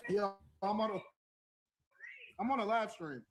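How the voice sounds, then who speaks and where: A man's voice: sits high, measured pace, a crowd in the background. A man hosting a livestream show in casual chat, boastful, joking and crude as he reads messages.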